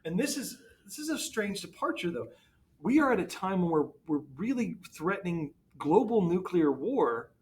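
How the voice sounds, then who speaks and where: A man's voice: high voice, sing-song, normal speed, a little mellow. A man who teaches history, co-hosting a podcast in casual chat with wry, joking asides.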